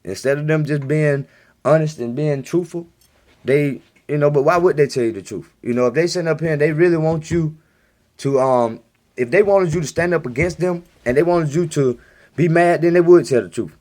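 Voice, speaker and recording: A man's voice: a little high, normal speed, darkish tone. A man giving a casual, rambling monologue to his viewers in a home recording, insistent and repeating himself. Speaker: video blogger.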